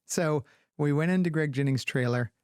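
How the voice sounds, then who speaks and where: A man's voice: a little high, moderate pace, clean tone, dry recording, studio quality. A man telling a long funny story in a casual podcast chat, acting out what others said and laughing often. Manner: animated, acts out quoted voices, laughs often. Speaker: podcast guest, agency founder.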